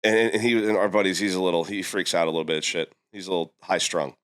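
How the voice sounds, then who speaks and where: A young man from Florida telling a long, animated story on a podcast, jumping his voice up high when quoting people. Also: quick pace, clear, resonant tone. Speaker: podcast guest. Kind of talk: casual storytelling.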